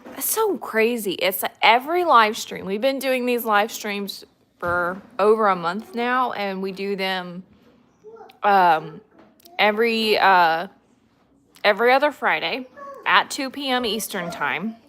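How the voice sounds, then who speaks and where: A woman's voice: mid-range voice, lively intonation, unhurried, a bit bright, slight background noise. A woman hosting a casual livestream at home, chatting to viewers and talking fondly to her dogs. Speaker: livestream host.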